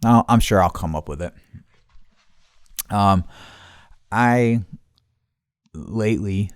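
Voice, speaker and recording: A man with a very low, deep voice talks loosely and profanely, often losing his thread. The sound is dry and close, with no room around it. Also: a little mellow, no echo. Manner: rambling, heavy swearing, loses his train of thought. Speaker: podcast host. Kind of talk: casual solo podcast monologue. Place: outdoors.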